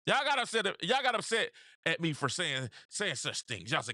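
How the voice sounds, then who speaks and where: A man hosting a sports talk show, giving casual basketball commentary in an animated way, repeating his points and talking straight to his viewers. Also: fairly high pitch, normal speed, no echo, clean studio sound.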